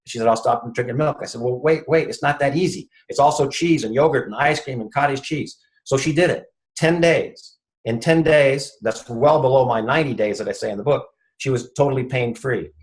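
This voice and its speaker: Heard on a rough recording, a man with a medium-pitched voice, a chiropractor appearing as an interview guest, recounts an anecdote. He performs each person's lines as he retells the exchange.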